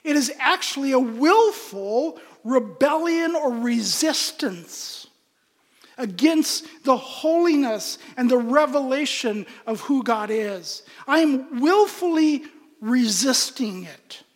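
High-voiced man preaching in a reverberant hall. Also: animated, takes it slowly. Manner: earnest, emphatic preaching. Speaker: pastor. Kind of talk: sermon.

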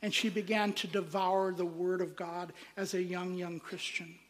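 A man's voice: sits high, little pitch movement, normal speed. A man preaching a sermon as pastor, stressing phrases one by one and letting their ends drop almost to a whisper. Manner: emphatic preaching, phrases trailing off to near-whispers. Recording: long hall reverb.

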